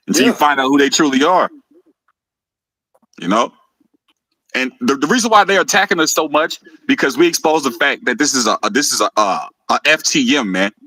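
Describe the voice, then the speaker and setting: Male live-stream host. Heated and mocking, bright forceful voice, very dry sound. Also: medium pitch, animated, brisk, no echo, poor audio. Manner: heated, mocking, laughs often, stumbles and repeats words. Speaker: host of a live video show.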